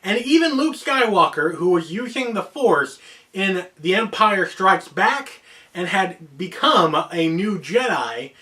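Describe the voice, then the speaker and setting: A man's voice: high voice, big pitch swings, slow, sharp tone, far from the mic. An American man from Oregon hosting a casual explainer video in a playful, joking way. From United States (Oregon). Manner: playful, joking, shifts into voices for examples. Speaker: host.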